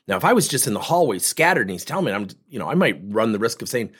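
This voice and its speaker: A man who coaches and trains people in workplace talk, telling stories in an animated way and acting out the dialogue. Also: medium pitch, very fast, hardly any pauses, breathy edge.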